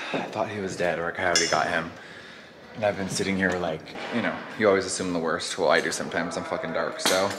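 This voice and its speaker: Heavy background noise surrounds this low-voiced man as he narrates a casual vlog outdoors in a ranch pasture at dawn. Filming on a handheld camera with its built-in mic, he talks frankly and swears now and then.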